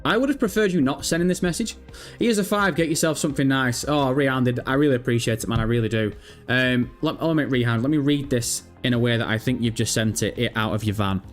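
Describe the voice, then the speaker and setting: A man's voice: mid-range voice, fast talker, faint music behind. A man hosting a live stream, casually chatting and reading out viewer messages with self-mocking, sweary banter. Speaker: livestream host.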